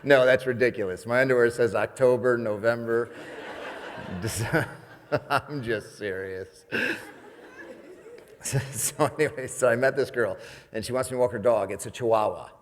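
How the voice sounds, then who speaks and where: A man's voice: medium pitch, moderate pace, pauses often, a little hiss or hum. A man from New York giving a comedic motivational keynote on stage, chatty and jokey, often asking the audience "right?". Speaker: motivational speaker. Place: event stage in a large hall. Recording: long reverb of a large hall.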